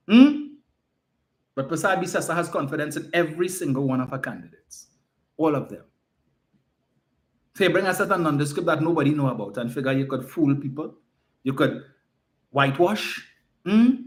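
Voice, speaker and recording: A man giving an emphatic, mocking political campaign speech full of rhetorical questions. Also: on the high side.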